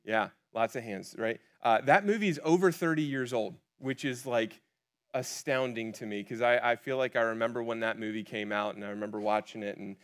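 A man's voice: mid-range voice, a little fast. A man preaching a conversational sermon in a casual way, with frequent fillers and restarts. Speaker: pastor.

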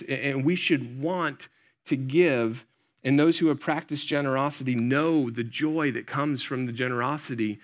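A young man preaching a casual sermon in a chatty, conversational way, with many fillers and quick asides to his listeners. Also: fairly high pitch, fairly bright tone. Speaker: pastor.

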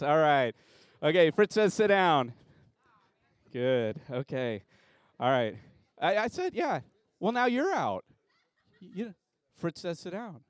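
A man's voice: on the high side, very animated, slow, long pauses, no room sound, studio quality. A man preaching a sermon as pastor in a church, joking around with a game at first and then turning earnest and reflective. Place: church sanctuary.

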